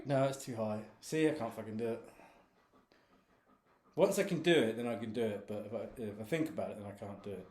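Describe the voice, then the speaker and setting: A man's voice: mid-range voice, lively intonation, moderate pace, darkish tone, reverberant. A man rambling in a casual, sweary monologue from his home office, laughing often. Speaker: author and podcast host.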